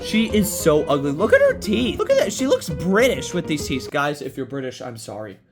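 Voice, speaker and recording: A young man from the United States reviewing cheap toy figures with excitable, mocking, over-the-top outbursts. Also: sits high. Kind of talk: comedic unboxing review.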